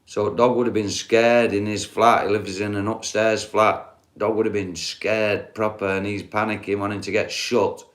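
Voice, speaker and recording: A man's voice: lowish voice, fairly even intonation, moderate pace. A middle-aged man, talking bluntly and swearing as he rambles through a casual live stream chat. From England. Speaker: livestreamer.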